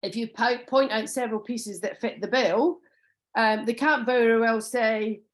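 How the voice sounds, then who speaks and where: A woman runs an informal sales training session. Her voice sits a little high, and she talks in a loose, chatty way full of ums and restarts. Now and then she slips into acting out what a customer might say. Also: measured pace.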